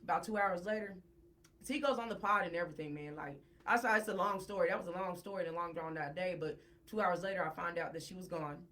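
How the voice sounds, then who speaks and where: Animated woman telling a story. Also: lowish voice, fast talker. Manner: animated, repeats words when worked up. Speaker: guest. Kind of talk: casual storytelling.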